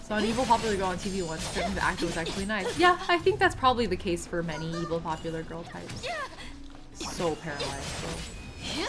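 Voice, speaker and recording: A woman's voice: on the low side, expressive, brisk. A young woman streaming a game, chatting casually and reading chat aloud between laughs. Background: game music.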